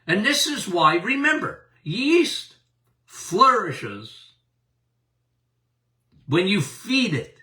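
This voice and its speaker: An older man talks health in a folksy, unhurried way, calling his listeners "folks" and "my friend." His voice is high and very bright, and it swings up and down a lot. He sounds a bit distant from the mic. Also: very animated. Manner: folksy, addresses listeners directly. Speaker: doctor and podcast host. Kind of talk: casual health talk.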